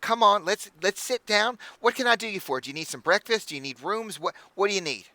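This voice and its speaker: A man voicing a fussy, motherly halfling innkeeper woman who gushes and stammers in a high, flustered voice. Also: lively intonation, brisk, bright, forceful tone, no echo, exaggerated voice. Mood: gushing.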